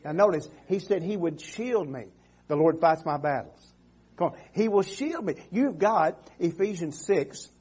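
A man's voice: on the high side, lively intonation, unhurried, darkish tone, husky. A man preaching a sermon as pastor, calling out "Amen" and "come on" and often restarting his phrases. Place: church sanctuary.

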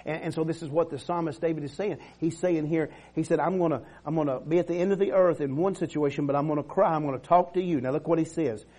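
Male pastor, middle-aged, fervent sermon, call-and-response, slightly high pitch. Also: steady tone, quick pace, hardly any pauses, a little mellow. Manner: preaching with call-and-response, frequent amens and restarts.

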